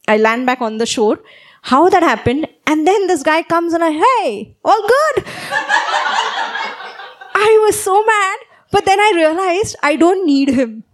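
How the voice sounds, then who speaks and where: A woman preacher delivers a sermon, animatedly recounting a personal story and frequently checking in with "okay?". Her voice is high.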